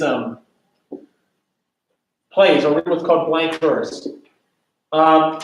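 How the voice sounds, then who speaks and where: A man teaching a lesson on Shakespeare, explaining step by step with many fillers and restarts, and reading verse aloud. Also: fairly high pitch. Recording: echoey room.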